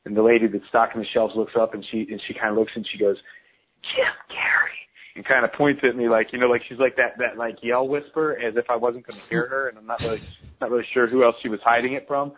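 Speaking quickly in a mid-range voice, an ex-fighter spins relaxed, meandering stories as a phone-call guest. He often starts over mid-thought, and the line sounds tinny.

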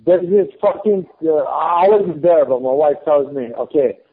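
Blunt and heated, a thirtysomething man swears often as he tells a story as a guest in a casual podcast chat. His voice is a little high with a breathy edge, and he's unhurried; the audio is lo-fi and phone-like.

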